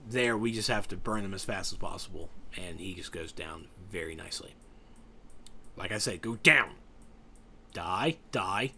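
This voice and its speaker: Commentating a gameplay raid guide, a yawning, tired man rambles casually, cracks jokes and trails off as he tries to remember names. His voice is on the low side, yet bright and forceful in tone.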